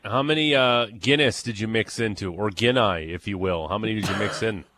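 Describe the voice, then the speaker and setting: A man hosting a sports radio show in a studio, brisk and joking with his guests. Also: on the low side, pushed and bright. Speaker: radio host.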